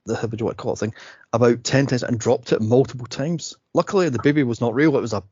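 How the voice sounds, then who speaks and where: A man's voice: medium pitch, fast talker, darkish tone, husky, no echo, lo-fi sound. A man hosting a casual movie podcast, rambling and laughing often as he acts out scenes. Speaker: podcast host.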